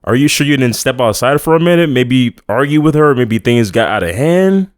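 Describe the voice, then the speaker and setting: A man voicing a blunt, suspicious middle-aged detective with a flat, accusing delivery. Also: medium pitch, moderate pace, no room sound, studio quality, voice pushed up, natural voice.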